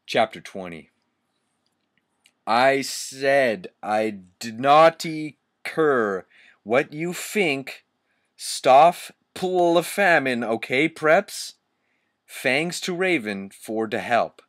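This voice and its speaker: A man's voice: medium pitch, lively intonation, extremely slow, a bit bright. A man reading badly written fan fiction aloud for laughs, amused and stumbling over misspelled words. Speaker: reader.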